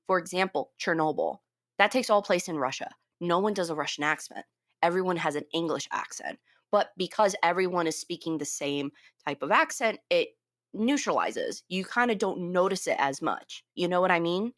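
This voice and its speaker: A woman's voice: fairly low pitch, lively intonation, no echo. Woman, podcast co-host, casual film talk, chatty, dry close sound. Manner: chatty, quick asides with laughs.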